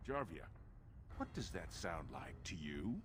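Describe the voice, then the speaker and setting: A man's voice: deep voice, very animated, measured pace, noisy background. An actor playing a menacing male dwarf crime boss who talks in a threatening, sarcastic way. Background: game music.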